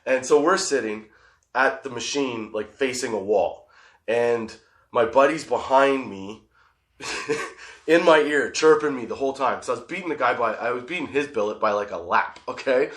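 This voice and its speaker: A man hosts a comedy podcast, spinning a long, profane story that he keeps laughing through. His voice sits at an ordinary middle pitch, and it carries a roomy echo from the space he records in. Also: fairly bright tone. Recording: roomy echoey room.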